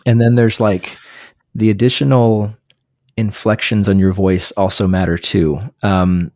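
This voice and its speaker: Man, low voice, dry close sound, casual rambling talk, lots of fillers and restarts. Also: flat delivery, unhurried, darkish tone, dry recording. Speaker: pastor, podcast guest. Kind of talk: casual book discussion.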